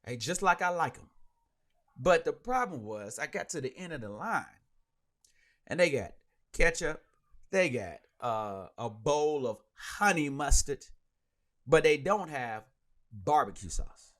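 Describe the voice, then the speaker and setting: Animated man ranting on his podcast. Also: fairly high pitch, a little slow, long pauses. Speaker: podcast host. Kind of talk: casual solo sports talk.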